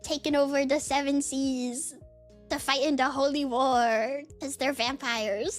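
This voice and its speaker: Young woman streaming, really high voice, chatty and animated, lots of likes and laughs, faint music behind. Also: a little slow. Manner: animated, laughs often, heavy use of "like". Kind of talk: casual livestream storytelling chat.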